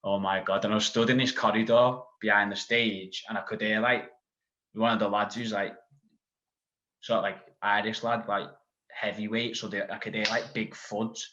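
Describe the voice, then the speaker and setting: A man's voice: lowish voice, little pitch movement, moderate pace, bright, forceful tone. Chatty man, muffled recording. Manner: rambling storytelling full of "like". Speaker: podcast guest. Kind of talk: casual chat. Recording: dull lo-fi sound.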